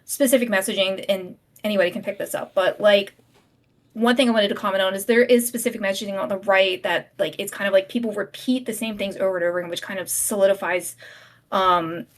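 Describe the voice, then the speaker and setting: A woman on a streamed panel, talking quickly and casually with many fillers as she poses questions. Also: medium pitch, fairly even intonation. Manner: quick, chatty, lots of fillers. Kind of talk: panel discussion.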